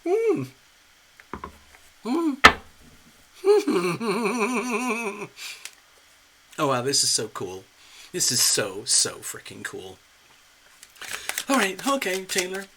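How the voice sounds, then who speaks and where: A man hosting a live-stream tarot reading, chatty and excitable, talking straight to viewers and clients. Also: medium pitch, measured pace, vocal fry, long pauses, background noise. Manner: chatty, excitable, laughs often. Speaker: tarot reader, channel host.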